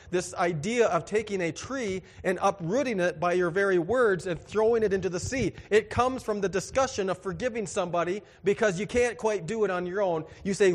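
A man preaching a sermon in an animated, joking way, acting out little dialogues with big swings in his voice. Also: sits high, in a large hall. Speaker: pastor.

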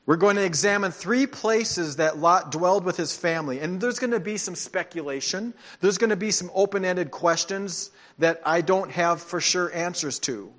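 A man preaching a sermon as pastor, telling stories with animation and dropping into soft, earnest tones. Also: high voice, normal speed, hardly any pauses.

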